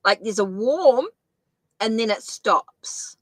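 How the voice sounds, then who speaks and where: A woman's voice: fairly high pitch, lively intonation, slow, a bit bright, no echo, rough recording. A middle-aged woman with a New Zealand accent, chatting her way through a live-streamed tarot reading, thinking aloud with frequent restarts. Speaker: tarot reader.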